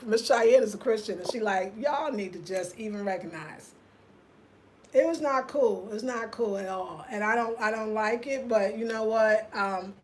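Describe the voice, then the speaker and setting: Animated woman telling a story to viewers. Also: a little high. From United States. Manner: animated storytelling, talks straight to viewers, reads comments aloud. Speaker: host. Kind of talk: casual livestream rant.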